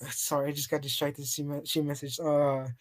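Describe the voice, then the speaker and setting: A man's voice: a little high, flat delivery, normal speed. Rambling, giggly young man telling a story. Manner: rambling, laughs often, stumbles over restarts. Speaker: podcast co-host. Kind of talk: casual chat, storytelling.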